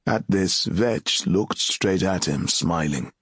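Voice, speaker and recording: A man narrating a fantasy audiobook in a measured, solemn storytelling manner. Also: sits low, husky, no room sound, studio quality.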